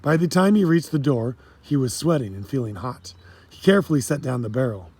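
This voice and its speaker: A man reading a children's storybook aloud in a steady, plain storytelling manner. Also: medium pitch, a little fast, husky, dry recording. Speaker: audiobook narrator. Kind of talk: storybook narration.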